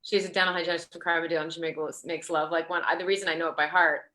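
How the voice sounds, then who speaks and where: Bright-voiced woman, rambling interview guest. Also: lowish voice, level tone, rapid-fire. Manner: rambling, full of fillers and restarts. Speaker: guest actor. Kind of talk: casual interview chat.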